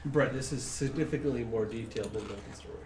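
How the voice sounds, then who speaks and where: A man's voice: medium pitch, fast, very noisy. Male player, wry mock-formal humor, echoey room. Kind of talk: tabletop game banter.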